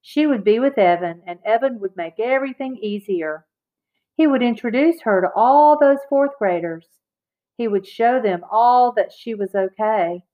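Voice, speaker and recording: A woman narrating a children's chapter book aloud in a clear, expressive read-aloud manner. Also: mid-range voice. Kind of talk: children's audiobook reading. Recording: slightly dull, lo-fi recording.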